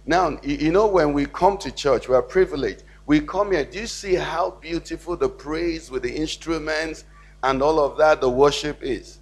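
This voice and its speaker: A man's voice: fairly high pitch, normal speed. A male pastor preaching a sermon in church, often checking in with the congregation. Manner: preaching with call-and-response questions to the congregation.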